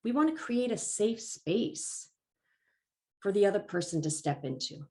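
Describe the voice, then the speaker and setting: A woman giving a talk as a life coach, calm and encouraging, slightly congested from allergies and clearing her throat now and then. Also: mid-range voice. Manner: calm, encouraging and measured, stressing key phrases. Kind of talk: presented talk.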